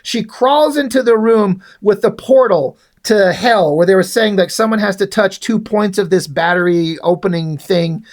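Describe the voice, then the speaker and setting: A man's voice: high voice, normal speed, hardly any pauses. A man casually reviewing a comic book, rambling, blunt and swearing freely.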